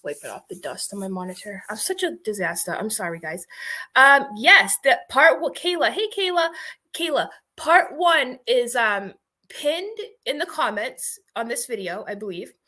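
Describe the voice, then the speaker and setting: A woman's voice: on the high side, animated, moderate pace, pushed and bright. A woman hosting a casual livestream, chatty and rambling, with lots of "like" and greetings to viewers. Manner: chatty, rambling, giggly, heavy on "like". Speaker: livestream host.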